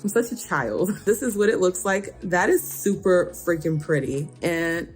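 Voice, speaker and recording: A woman's voice: on the low side, expressive, unhurried, soft background music. A woman vlogging a beauty box unboxing at home, chatting casually, reading labels aloud and adding playful asides.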